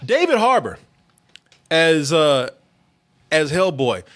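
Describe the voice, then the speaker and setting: Male review-show host, bit high-pitched, rambling and laughing through his takes. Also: big pitch swings, takes it slowly, fairly bright tone. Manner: loose, laughs often, many fillers and restarts. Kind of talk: casual review chat.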